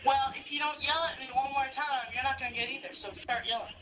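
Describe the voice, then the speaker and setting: A man's voice: very high-pitched, fairly even intonation, quick pace, pushed and bright. A man on an archived call, mocking and taunting with bursts of laughter. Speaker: prank caller in an archived recording. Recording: distant call audio with noticeable noise.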